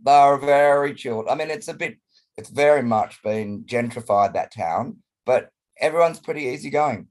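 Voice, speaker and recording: An Australian man with a hoarse, croaky voice from a chest cold, chatting expressively as an interview guest over a video call. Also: mid-range voice, normal speed. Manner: chatty and expressive, colourful phrasing. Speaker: guest performer. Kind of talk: casual interview chat.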